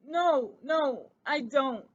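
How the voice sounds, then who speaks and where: A woman voicing a timid, guilty little boy mouse who squeaks tearfully and apologizes. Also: expressive, extremely slow, dull audio, full character voice. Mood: remorseful.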